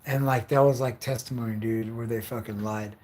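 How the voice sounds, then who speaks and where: A man's voice: mid-range voice, steady tone, fairly quick, darkish tone. A young man livestreaming from home, rambling on in a loose, profane rant full of fillers.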